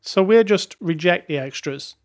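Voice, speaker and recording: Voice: mid-range voice, lively intonation, normal speed. A podcast co-host chatting casually about a film, joking and chuckling between thoughts. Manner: jokey, chuckles, reads reviews aloud wryly. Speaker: podcast co-host reviewing films. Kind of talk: casual chat.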